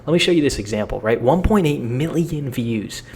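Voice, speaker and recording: A young man giving a casual, energetic how-to talk as a social media coach, blunt and slangy with frequent repeats. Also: medium pitch, normal speed, slight background noise.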